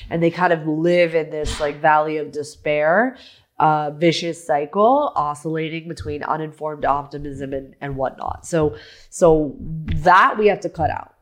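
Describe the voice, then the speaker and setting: Animated woman coaching on a solo podcast. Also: sits low, a little slow. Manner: animated, acts out her own past questions; restarts and repeats words often. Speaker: business coach.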